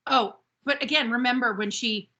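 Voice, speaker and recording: A woman's voice: on the high side, normal speed, dull audio. A woman co-hosting a podcast, chatting casually as she recaps a TV episode and acts out the characters' lines. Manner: animated, acts out quotes from the show. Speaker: podcast co-host.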